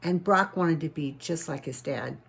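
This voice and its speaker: A woman telling a children's story in a homespun, folksy manner, circling back and restarting phrases as she goes. Her voice sits somewhat low for a woman. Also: normal speed, gravelly, breathy edge.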